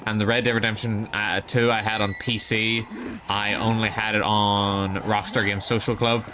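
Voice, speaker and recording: Joking, swearing male streamer, low voice. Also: flat delivery, normal speed, noisy background. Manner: joking, swearing, self-mocking. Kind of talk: casual live game commentary.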